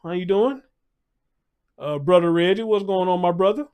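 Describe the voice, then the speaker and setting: High-voiced man chatting casually on a livestream. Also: moderate pace, smooth. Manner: loose, conversational, repeats phrases, shouts out chat viewers. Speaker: livestream commentary host.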